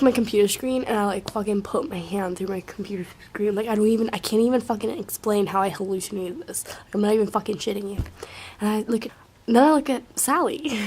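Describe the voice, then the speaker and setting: A young woman casually telling a rambling, profane story to camera, full of filler likes and often dropping to a hushed near-whisper. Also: medium pitch, husky.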